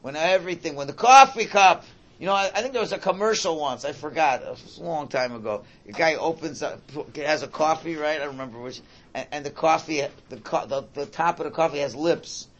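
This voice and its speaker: A man teaching a religious class in a lively way, swinging between loud exclamations and quiet asides. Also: fairly high pitch, a little fast, muffled recording. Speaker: Torah teacher.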